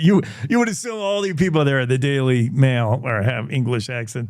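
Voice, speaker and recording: A man's voice: medium pitch, brisk, hardly any pauses, darkish tone, no echo, studio quality. A man hosting a news show, joking and rambling with comic asides. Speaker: show host. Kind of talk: casual news commentary.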